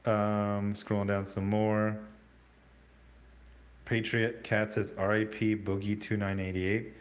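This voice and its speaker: A man hosting a casual livestream, reading out chat comments in a rambling, halting way with many fillers and restarts. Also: lowish voice, flat delivery.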